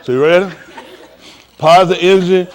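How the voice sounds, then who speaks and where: A man's voice: high-pitched, fairly even intonation, fairly quick, a little mellow, a faint crowd. A man coaching a group class, joking and laughing as he runs practice drills. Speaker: class instructor.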